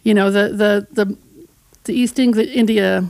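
A woman's voice: mid-range voice, steady tone, normal speed, creaky, darkish tone, no echo. A woman with a mid-range voice talks as a guest on a radio show. She tells history like a chatty story and acts out little voices as she goes, and the studio sound is close and dry. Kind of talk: casual radio chat.

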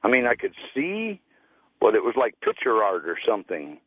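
A man's voice: on the low side, huge pitch swings, moderate pace, no room sound. A male caller, telling a personal story in a plain, folksy way. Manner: plain folksy storytelling, acts out quoted voices. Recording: tinny phone line.

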